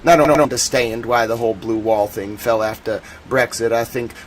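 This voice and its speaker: A man from the United States hosting a live stream, talking in a rambling, slangy way with bursts of loud indignation. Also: mid-range voice, steady tone, moderate pace, a little hiss or hum. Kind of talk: casual live-stream commentary.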